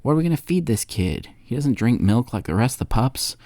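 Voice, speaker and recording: A man's voice: medium pitch, sing-song, fairly quick, warm tone, no echo, clean studio sound. A man playing a dismissive father wolf who grumbles in a comic retelling. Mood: grumbling.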